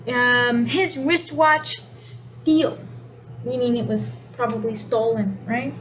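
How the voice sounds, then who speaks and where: Woman teacher, high voice, casual explainer, steady noise behind her. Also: slow pace, rough recording. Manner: explanatory, relaxed, self-correcting. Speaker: sign language teacher. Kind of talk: casual video lesson.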